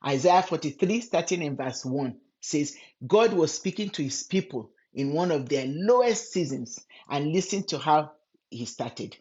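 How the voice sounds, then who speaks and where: A woman giving a gentle, earnest devotional Bible teaching, speaking directly to the listener as a friend. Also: sits low, animated, unhurried, dull audio. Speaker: Christian women's ministry teacher.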